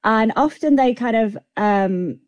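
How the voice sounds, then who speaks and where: A woman's voice: on the high side, slow pace, no echo. A woman screenwriter answering interview questions in a chatty way, using plenty of fillers. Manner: chatty, with many "like" and "kind of" fillers. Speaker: guest screenwriter.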